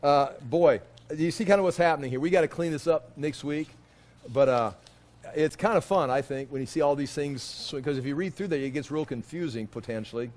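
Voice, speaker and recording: A man leads a relaxed Bible class in a classroom, his voice sitting a little higher than most men's. He talks loosely and conversationally, restarting sentences and wandering into asides as he retells the story with lively energy. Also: fairly quick. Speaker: Bible teacher. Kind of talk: casual classroom Bible lesson.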